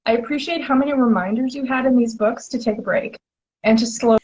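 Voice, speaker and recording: A woman's voice: a little high, fairly quick, a little mellow, breathy edge, rough recording. A woman hosting a casual interview chat, talking with eager enthusiasm and lots of filler words. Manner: enthusiastic, chatty, many "like" fillers. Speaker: host.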